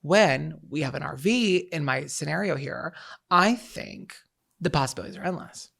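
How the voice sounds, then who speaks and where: A young man co-hosting a casual podcast, teasing his partner and jumping into high quoted voices and sung bits. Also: animated, moderate pace, vocal fry, a bit bright, husky. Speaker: podcast co-host. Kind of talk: casual chat.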